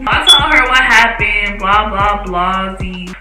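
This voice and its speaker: A young woman around eighteen with a mid-range voice takes it slowly while telling a vlog storytime in casual slang. She's animated, swears, and acts out what people said, recorded in an echoey room with faint music.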